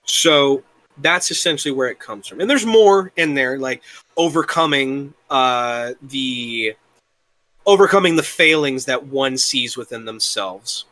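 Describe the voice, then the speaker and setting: A young man talking casually as an interview guest, rambling and halting, with the occasional curse. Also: medium pitch, expressive, bright, forceful tone, no echo. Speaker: guest, worldbuilding creator.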